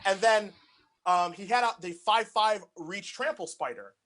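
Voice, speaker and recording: A man's voice: sits high, unhurried, fairly bright tone. A young man co-hosting a casual chat, telling rambling anecdotes packed with filler words. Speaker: podcast co-host.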